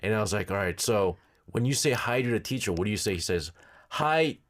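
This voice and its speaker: A man's voice: lowish voice, fast. A man in his thirties hosting a casual radio chat, telling stories animatedly and slipping into slangy impressions. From Korea. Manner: animated storyteller, mimics slangy New York talk. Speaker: radio host.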